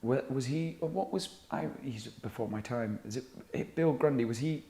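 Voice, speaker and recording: A man's voice: medium pitch, normal speed, gravelly, warm tone. A man in a casual discussion, asking curious questions. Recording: roomy echo.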